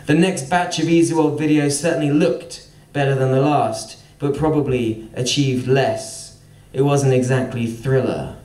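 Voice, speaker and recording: A man's voice: on the high side, a little mellow. A man telling a wry, sardonic story as spoken-word storytelling at a live venue. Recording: roomy venue, mic at a distance.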